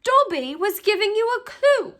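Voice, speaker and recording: A woman voicing a small, fiercely loyal male house-elf with a shrill, squeaky voice. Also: big pitch swings, normal speed, fairly bright tone, full character voice. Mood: earnest.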